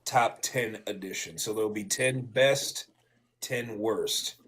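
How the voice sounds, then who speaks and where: A man's voice: on the low side, takes it slowly, fairly bright tone, a little hiss or hum. A man on a wrestling talk panel, promoting his channel in an easygoing, joking way. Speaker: panelist and YouTuber. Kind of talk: casual panel chat.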